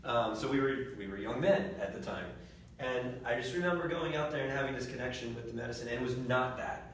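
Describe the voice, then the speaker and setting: Soft-spoken man, distant and echoey. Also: medium pitch, fast talker, slight background noise. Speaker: podcast host. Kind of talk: casual chat. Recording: echoey room from far off.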